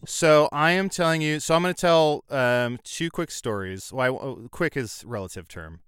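A man telling a story as a guest in a casual chat, animated and self-deprecating. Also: medium pitch, moderate pace, clear, resonant tone, dry recording, studio quality. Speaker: podcast guest.

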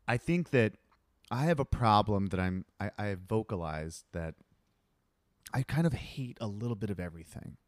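A man co-hosting a podcast, chatting casually and jokingly, acting out quotes in lively voices. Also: fairly low pitch, normal speed, no echo, clean studio sound. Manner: animated, jokey, acts out quotes. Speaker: podcast co-host. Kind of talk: casual chat.

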